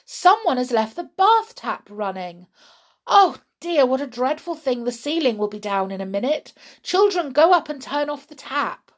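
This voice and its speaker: A woman's voice: mid-range voice, huge pitch swings, slow pace, darkish tone, husky, exaggerated voice. A woman voicing a flustered mother fretting over a flooded house in a storybook reading. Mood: fretful. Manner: fretful, exclaiming.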